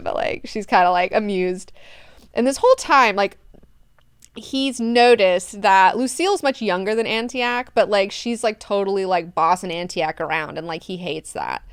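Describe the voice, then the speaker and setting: Chatty, irreverent woman with a clear voice. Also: mid-range voice, normal speed, no room sound, studio quality. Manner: chatty, irreverent, swears often. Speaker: book club host. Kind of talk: casual book recap.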